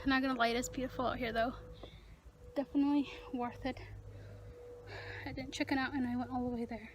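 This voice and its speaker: This young woman's voice sits high and flat, moving fairly quickly as she narrates a casual vlog on a solo woodland hike. Breathless and a little anxious, she chats with viewers and mutters nervous self-talk over slight background noise.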